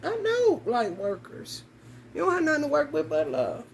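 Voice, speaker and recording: A woman's voice: sits high, huge pitch swings, moderate pace, creaky, slight background noise, low-quality recording. A young adult woman giving a casual tarot reading, talking bluntly and emphatically with plenty of cursing and slang. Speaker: tarot reader.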